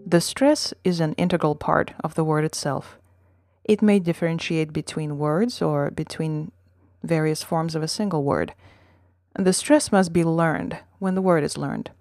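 Low-voiced woman teaching a language lesson. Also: steady tone, a little mellow, no echo, studio quality. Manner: measured, explanatory reading with model words. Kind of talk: scripted lesson reading.

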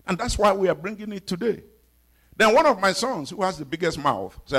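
Middle-aged male pastor from Africa; husky, slightly high voice, dramatic sermon delivery with whispers and outbursts. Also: animated, a little fast. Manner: dramatic preaching, swings from hushed whispers to loud exclaims.

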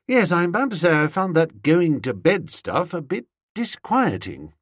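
A man's voice: a little high, big pitch swings, a little slow, dry recording, studio quality. A man narrating a comic novel in the first person, wry and playful. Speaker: audiobook narrator.

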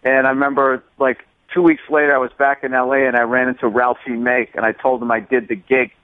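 Speaking fast in a medium pitch, this man is a comedian on a laid-back interview, spinning animated stories and performing different voices. The sound is dry and thin, like a phone line, with no room sound at all.

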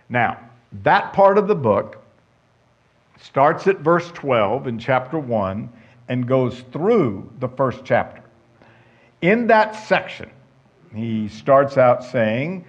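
A man's voice: mid-range voice, expressive, slow pace, slightly rough. A man preaching a sermon, emphatic and conversational, putting questions to his listeners. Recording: dull lo-fi sound.

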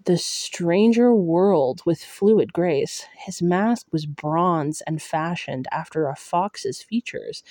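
Reading a novel written in the first person, a woman keeps a slow, even, measured delivery. Her voice is mellow and on the low side, and the audio is close and dry, without any room sound.

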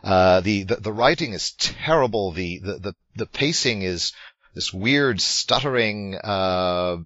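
A man's voice: fairly low pitch, lively intonation, unhurried, fairly bright tone, no room sound. A man co-hosting a film podcast, talking in casual discussion with many fillers and restarts. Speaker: podcast co-host. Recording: dull lo-fi sound.

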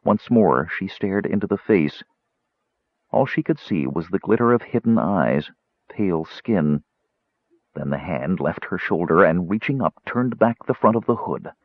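Deep-voiced male audiobook narrator. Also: animated, measured pace, no room sound. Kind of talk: scripted narration. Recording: slightly muffled audio.

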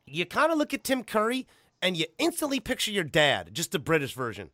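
A man hosting a podcast, excitable and foul-mouthed, his pitch jumping all over the place. His voice is bright and a little high, recorded dry and close. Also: a little fast, dry recording. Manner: excitable, profane, laughs loudly. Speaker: podcast host. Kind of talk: casual chat.

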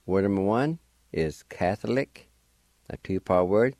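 A man's voice: deep voice, a little slow, darkish tone, no echo. A man hosting a radio language lesson, spelling words out letter by letter and patiently encouraging listeners to practice. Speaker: radio language teacher and host.

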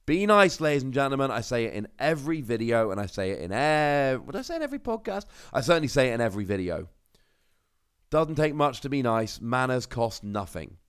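A man's voice: mid-range voice, sing-song, a little fast, clean tone. A young man from Cornwall with a British accent, hosting a casual solo podcast and telling rambling stories full of asides. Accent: British English. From Cornwall, England. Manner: chatty, rambling storyteller with asides. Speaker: podcast host.

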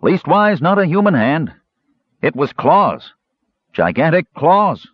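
A man reading an audiobook, voicing a spooked town guard who speaks in an awed, hushed way. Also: on the high side, sing-song, slow pace, no echo, voice pushed up, heavily acted. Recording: slightly muffled dry recording.

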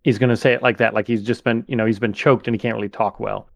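A man's voice: on the low side, flat delivery, fast, vocal fry, dry recording. A man playing a tabletop game, casually describing what his character does. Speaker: player.

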